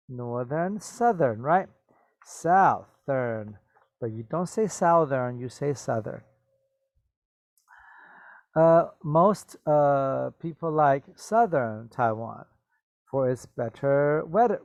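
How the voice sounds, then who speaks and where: A man's voice: a little high, lively intonation, slow, a little mellow, dry recording. A man teaching an English vocabulary lesson, patiently repeating words and checking in with "okay?".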